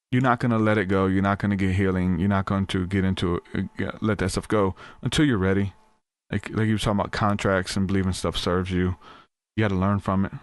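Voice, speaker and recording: A man hosting a podcast, telling a story in a loose, animated way and acting out what people said, with frequent restarts. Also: low voice, clean tone, no room sound. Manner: animated, acts out quoted voices, frequent restarts. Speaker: podcast host.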